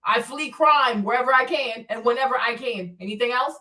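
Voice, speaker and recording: A woman's voice: a little high, fairly quick, sharp tone, distant mic, poor audio. A woman who immigrated to the US, hosting a casual opinion commentary and ranting bluntly, sarcastically and profanely. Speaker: commentary channel host.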